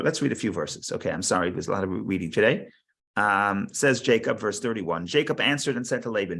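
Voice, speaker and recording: A man with a fairly low voice leads a study class on a biblical text. He reads passages aloud, then explains them in a halting way, often restarting and repeating words as he thinks. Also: lively intonation, vocal fry, fairly bright tone. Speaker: Torah class teacher.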